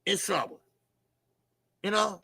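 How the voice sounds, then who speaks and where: Gravelly bright-voiced guy rambling on his boxing stream, lots of you know and okay, kinda husky. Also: high voice, animated, slow pace, no room sound. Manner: loose, rambling, many fillers and repeats. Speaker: livestream host. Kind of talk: casual live chat reading comments.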